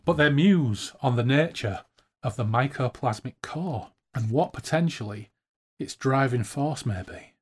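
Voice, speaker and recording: A man's voice: mid-range voice, lively intonation, a little slow, slightly rough. A man casually summarising a novel's chapters for a book-club podcast, chatty with frequent restarts.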